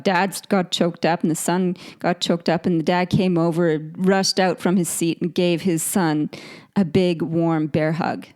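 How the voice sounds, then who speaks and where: A woman's voice: on the low side, a little mellow. A middle-aged Australian woman hosting a podcast, talking earnestly and reflectively as she tells a story to make her points. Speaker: podcast host. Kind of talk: motivational podcast monologue.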